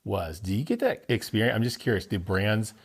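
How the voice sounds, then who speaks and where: A man's voice: on the low side, big pitch swings, fairly quick, creaky, slightly rough. A man co-hosting a podcast in a studio, chatting casually and asking curious follow-up questions. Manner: inquisitive, conversational, asks follow-up questions. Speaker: podcast co-host. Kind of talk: casual tasting chat.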